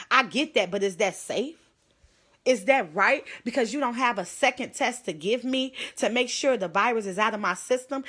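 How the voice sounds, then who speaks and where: A woman's voice: mid-range voice, fairly bright tone. A woman speaking on a live stream, urgent and pleading, close to tears. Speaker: livestreamer. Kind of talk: emotional live stream address.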